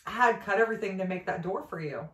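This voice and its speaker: A woman's voice: medium pitch, fast, a bit bright, echoey room, distant mic. Teasing woman co-host, laughing often. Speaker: podcast co-host. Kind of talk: casual chat.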